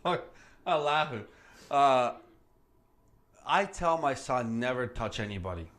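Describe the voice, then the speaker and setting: A man hosting a podcast, telling stories in a casual, animated chat, cursing freely and acting out what others said. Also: mid-range voice, unhurried. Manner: animated storyteller, swears freely, acts out quoted voices. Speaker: podcast host. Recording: roomy sound with faint background noise.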